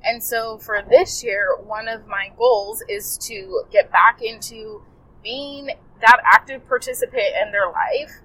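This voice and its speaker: A woman's voice: on the high side, pushed and bright, poor audio. Woman coach telling a story to her listeners, chatty, heartfelt, keeps restarting sentences. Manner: rambling, self-correcting, heartfelt. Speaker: health coach podcaster.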